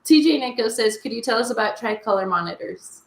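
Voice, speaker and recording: A woman's voice: on the high side, expressive, a little fast, vocal fry. A woman co-hosting a casual livestream chat, reading viewer comments with a teasing manner. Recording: roomy echo.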